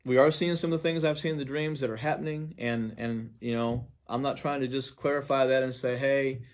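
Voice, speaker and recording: A man, a pastor, earnestly recounting a dream to viewers. He swings from emphatic to near-hushed. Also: medium pitch, steady tone, a little fast.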